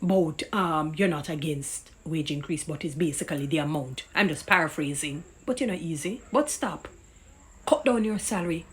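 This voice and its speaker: Indignant husky Jamaican woman. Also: deep voice, moderate pace. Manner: indignant, preachy, cites scripture. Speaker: commentator. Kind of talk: impassioned opinion rant.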